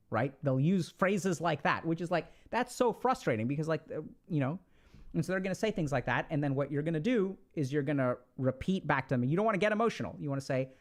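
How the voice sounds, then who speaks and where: A man giving relationship advice in a casual, explanatory talk, full of fillers and quick "right?" check-ins. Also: a little high, expressive.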